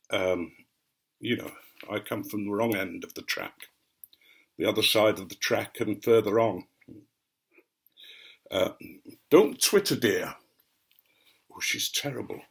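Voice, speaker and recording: A man with a received English accent with a faint Norfolk edge, telling unhurried anecdotes in a rambling vlog with frequent ums. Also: on the low side, gravelly, fairly bright tone, slightly rough. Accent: mostly received English, light Norfolk. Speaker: vlogger. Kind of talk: rambling anecdotal chat to camera.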